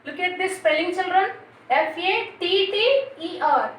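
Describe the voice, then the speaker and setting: Female teacher, bright and sharp, drills spellings with questions to children; recorded off-mic in a booming room. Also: expressive, measured pace. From India. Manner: spells words letter by letter and quizzes the children. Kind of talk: classroom grammar lesson. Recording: very echoey room, voice from a distance, faint noise.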